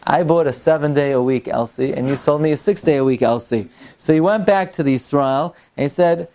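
Man, Torah teacher, slightly high voice, animated storytelling, Hebrew readings with English retelling, Yiddish words. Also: a little fast. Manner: reads Hebrew and Aramaic text, then translates and retells it in English; animated, climbs in pitch and volume as the story builds.

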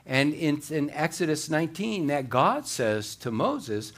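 A man preaching a sermon as pastor, folksy and quick, with fillers and joking asides. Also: fairly high pitch, big pitch swings, fairly bright tone.

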